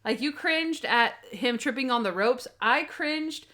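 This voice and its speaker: A young woman co-hosting a podcast in casual chat, animated and acting out scenes in quoted voices. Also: high voice, measured pace. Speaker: podcast co-host.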